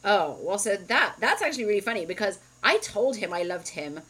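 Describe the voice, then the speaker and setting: Here the podcast co-host, a woman in her thirties, has a husky, bright, forceful medium-pitched voice that swings widely in pitch at a fairly quick clip. She candidly recounts something personal in a chatty way, with frequent "like" and "um." The recording is low quality.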